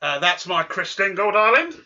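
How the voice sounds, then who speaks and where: A man's voice: sits high, sing-song, normal speed, bright, forceful tone, exaggerated voice. A man voicing a cocky, boastful male quizmaster character who teases the kids in a comic church sketch. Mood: flustered. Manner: teasing, boastful, playfully smug. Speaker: quiz host at a church service. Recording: muffled lo-fi recording.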